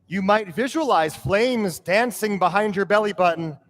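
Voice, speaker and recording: A man teaching a guided breathwork class, giving calm, steady cues and counting breaths aloud. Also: high-pitched, moderate pace. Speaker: yoga and breathwork instructor. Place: yoga studio. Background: drum beat music.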